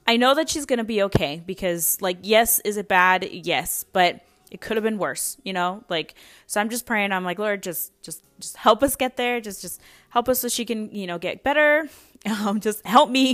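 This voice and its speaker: A woman's voice: mid-range voice, fairly bright tone. A young adult woman hosting a podcast, telling a personal story in a casual, rambling way with many fillers and restarts. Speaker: podcast host.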